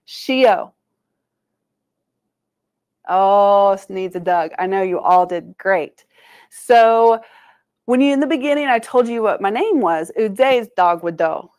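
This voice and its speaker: Her voice is a little high and slightly mellow as she leads schoolchildren through a language lesson in a museum presentation room. A Cherokee language and culture educator, she cheers them on, has them repeat after her, and slows down to sound out syllables.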